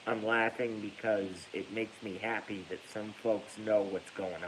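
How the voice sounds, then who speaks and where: Angry ranting host, low voice, drawn-out delivery, faint hiss behind. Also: male voice, level tone. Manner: angry, profane, breaks into laughter. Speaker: livestream host reading viewer comments. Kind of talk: ranting livestream monologue.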